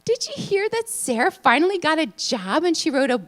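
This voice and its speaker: Loud, fussy older aunt, hard of hearing and doting, put on by a woman telling a story. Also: sits high, big pitch swings, brisk, voice pushed up. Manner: loud, doting, says "honey dear".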